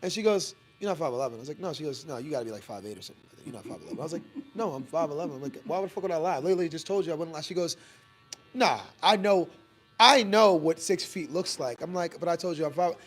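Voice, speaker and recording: A man hosting a barbershop podcast, telling animated stories full of slang in casual banter with friends. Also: on the high side, very fast, soft background music. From Northern Virginia.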